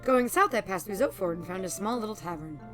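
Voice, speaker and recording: A woman's voice: mid-range voice, animated, quick pace, faint music behind, natural voice. A woman voicing an ancient, courteous undead male archivist in a plain voice with old-fashioned phrasing.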